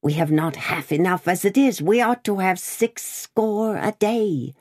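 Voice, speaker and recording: A woman reading aloud, voicing a cruel male revolutionary juror with a croaking voice and slow, relishing delivery. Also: lowish voice, animated, a little mellow, no room sound, clean studio sound, voice pushed up. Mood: gloating.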